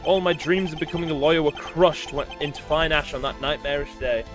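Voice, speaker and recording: A man's voice: on the high side, fairly quick, lightly acted. A man voicing a stiff, proper male prosecutor who speaks formally and dramatically. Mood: solemn. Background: game music.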